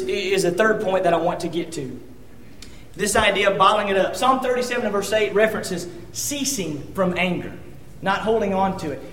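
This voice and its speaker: A man's voice: high voice, a bit bright, a little hiss or hum. A man preaching a sermon, earnest and conversational, often restarting his sentences as he reads scripture. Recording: echoey room.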